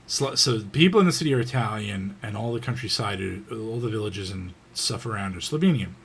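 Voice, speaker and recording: A man's voice: lowish voice, lively intonation, brisk, gravelly, fairly bright tone, breathy edge. A man giving a casual, unscripted history lecture, rambling with frequent fillers and restarts.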